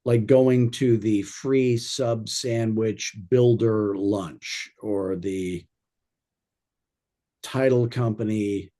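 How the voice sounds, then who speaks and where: A man's voice: fairly low pitch, steady tone, very slow, warm tone. A man coaching real estate agents in an informal training talk, rambling through anecdotes with wry humor.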